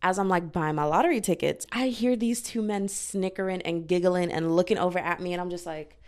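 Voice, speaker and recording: A young woman from the United States chatting casually to her listeners, telling a story in an animated, slangy way with loud asides. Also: on the low side, normal speed, smooth. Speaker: vlogger.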